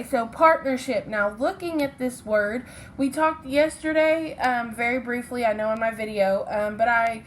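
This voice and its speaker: A female teacher walks children through a phonics lesson in a fairly high voice. She speaks slowly and patiently, stopping to check that they follow. A faint hiss of noise sits under the recording. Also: low-quality recording. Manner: patient, checks in with "okay?" and "right?"; apologizes for slips and corrects herself.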